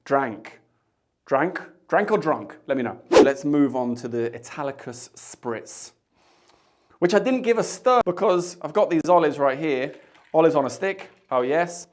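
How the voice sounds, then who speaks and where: A man's voice: fairly high pitch, animated, moderate pace, a little mellow. Chatty man hosting a cocktail tasting. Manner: chatty, jokey asides. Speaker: bartender host. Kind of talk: casual tasting chat to camera.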